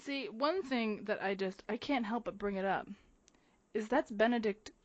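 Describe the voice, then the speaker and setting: A young woman co-hosting a casual podcast, gushing in quick, excited bursts and swearing freely. Her voice sits at an ordinary middle pitch. It sounds close and dry, with no room around it. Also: no room sound, highs cut off. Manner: excited, profane, fast bursts. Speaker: podcast co-host. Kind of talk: casual chat.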